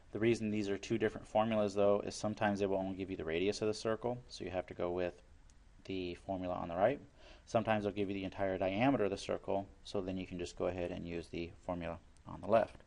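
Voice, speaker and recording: A man's voice: low voice, a little mellow. A man teaching a recorded math lesson, explaining each step plainly and working problems aloud.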